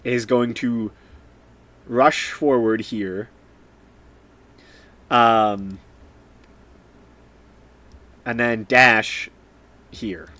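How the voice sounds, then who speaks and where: A man running a tabletop game as game master, relaxed and peppered with fillers and small laughs. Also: medium pitch, extremely slow, pauses often, dry recording. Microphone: streaming microphone.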